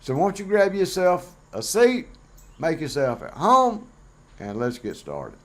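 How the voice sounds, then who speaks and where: A man's voice: sits high, wildly swooping pitch, measured pace. A middle-aged man talking bluntly and plainly in a casual vlog monologue, rambling with fillers. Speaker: vlogger host.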